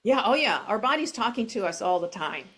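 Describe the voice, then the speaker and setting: Gentle, unhurried middle-aged woman coach. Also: medium pitch, very animated, husky. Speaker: self-compassion coach. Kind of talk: interview guest, casual explanation. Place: at home.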